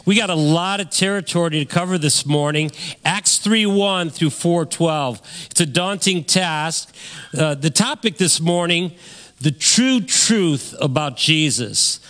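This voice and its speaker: A man's voice: a little high, lively intonation, a little slow, a bit bright, big-room sound. A pastor preaching to his congregation, a man with a slightly raised voice. He drives his points home with emphatic stress, rising and falling as he quotes others. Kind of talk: sermon.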